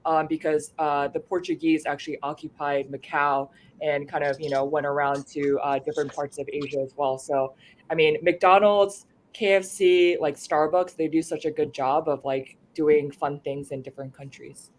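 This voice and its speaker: A woman chatting casually on a video call, talking quickly with laughing asides and quick tangents. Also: low-pitched, fairly even intonation, a little hiss or hum. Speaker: co-host. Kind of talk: casual chat.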